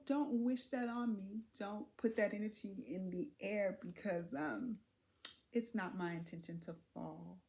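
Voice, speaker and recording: A woman speaks to her camera in a candid, reflective vlog. Her voice sits a little low, and she muses aloud, often pausing on fillers and laughing softly as she works through her thoughts. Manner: candid, musing, with soft laughs and trailing fillers. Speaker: vlogger.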